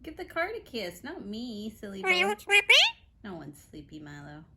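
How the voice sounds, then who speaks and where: A woman's voice: mid-range voice, wildly swooping pitch, moderate pace, breathy edge. A woman at home talking baby talk to her pet parrots. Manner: sing-song baby talk to birds. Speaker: pet owner. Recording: loud parrot squawks behind.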